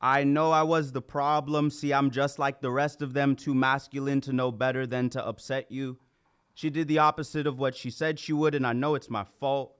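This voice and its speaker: Man, spoken word poet, smooth clear tone, earnest, quiet then pleading. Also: medium pitch, level tone, moderate pace. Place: open mic venue.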